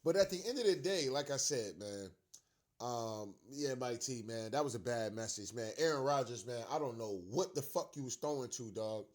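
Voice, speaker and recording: A man's voice: mid-range voice, lively intonation, moderate pace, darkish tone. A young man, a fan commentator, delivering a heated, profane rant about his team's loss, repeating himself for emphasis.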